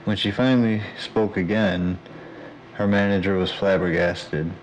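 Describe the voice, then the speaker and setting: A man reading his own audiobook aloud in a steady, even way. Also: deep voice, a little slow, slight background noise, rough recording. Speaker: audiobook narrator. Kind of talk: audiobook narration.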